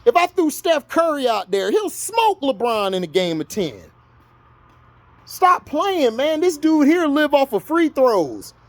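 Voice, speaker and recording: A man's voice: extremely high pitch, wildly swooping pitch, a little slow, dry recording. A man from Florida in the US, ranting heatedly about sports to his viewers, argumentative and scolding. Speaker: vlogger. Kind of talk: sports rant to camera.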